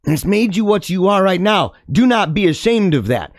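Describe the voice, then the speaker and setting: A man delivering an impassioned monologue to his listeners, preachy and dramatic, laughing often and swinging from loud to hushed. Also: high-pitched, big pitch swings, normal speed, dry recording, clean studio sound. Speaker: podcast host.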